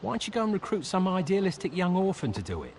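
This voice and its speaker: Casting: a world-weary, money-hungry game hero; sardonic, lively swings in pitch, faint hiss. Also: male voice, quick pace, full character voice. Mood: exasperated. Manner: sardonic, impatient. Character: sarcastic, mercenary male hero, world-weary and greedy. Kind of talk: game cutscene voice acting.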